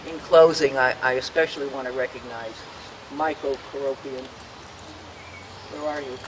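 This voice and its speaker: A man's voice: medium pitch, steady tone, normal speed, big-room sound, heavy background noise. An older man giving a prepared, earnest speech at an outdoor memorial dedication, reminiscing about the past and acting out the voices he quotes. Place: outdoors at a public dedication ceremony.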